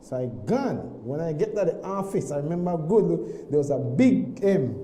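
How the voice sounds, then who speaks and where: A man tells a personal story on a morning talk show, animated, often repeating himself and restarting his sentences. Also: on the high side, moderate pace, roomy sound, slight background noise, low-quality recording. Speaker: guest.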